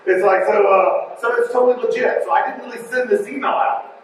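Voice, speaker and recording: A man with a high voice gives a conference talk in a jokey, animated way. He sounds far from the mic, and his voice rings through a large, very echoey hall. A faint room ambience hums behind him. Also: a little fast, a little hiss or hum. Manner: joking, animated, digressive. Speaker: conference speaker.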